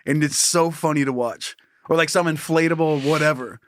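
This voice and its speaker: Podcast co-host, man, higher-pitched, jokey and giggly, dry booth sound. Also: moderate pace, no echo. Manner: laughs often, acts out silly voices. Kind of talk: casual comedic chat.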